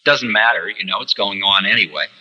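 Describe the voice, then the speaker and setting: Man, spiritual teacher, very sharp bright tone, animated storytelling, old recording with long hall reverb. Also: lowish voice, a little fast, muffled recording. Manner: animated storyteller, acting out quoted voices. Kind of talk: spiritual lecture. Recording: reverberant lecture hall, archival tape.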